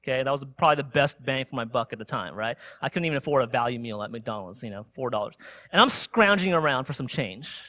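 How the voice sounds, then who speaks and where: A young adult man preaching, telling a personal story in an animated way and asking "right?" again and again. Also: medium pitch, fast talker. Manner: animated storytelling with frequent "right?" tag questions. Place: church sanctuary.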